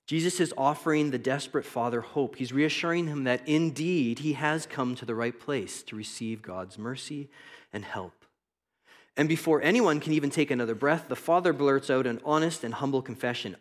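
A man's voice: mid-range voice, a little fast. A man giving a devotional Bible teaching in an earnest, reflective and conversational way. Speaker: preacher.

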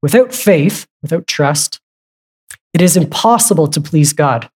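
A pastor preaching a sermon in a conversational way, asking the congregation question after question and breaking off for asides and quick corrections. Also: mid-range voice, lively intonation, darkish tone, slightly rough. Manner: asks the congregation repeated questions.

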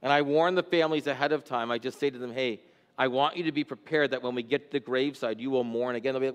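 Animated preacher man in a reverberant hall. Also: mid-range voice, fast talker, clean tone. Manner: animated preacher, voice climbing and dropping for emphasis. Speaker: pastor. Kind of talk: expository sermon.

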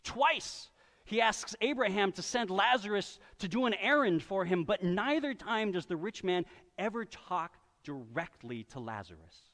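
A man's voice: high voice, lively intonation, fairly bright tone. A man preaching a sermon, telling a story and briefly voicing the people in it. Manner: storytelling, with quick voiced asides for people in the story. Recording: reverberant hall.

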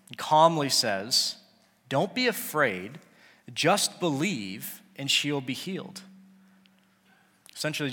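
In a hall with long reverb, a man preaches a sermon earnestly and conversationally, sometimes acting out biblical characters from the story. His mid-range voice has a bright, forceful tone.

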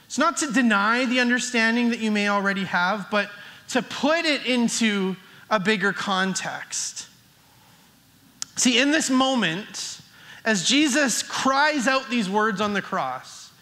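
High, bright-voiced male preacher. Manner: earnest, builds emphasis with restarts. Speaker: pastor. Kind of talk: sermon.

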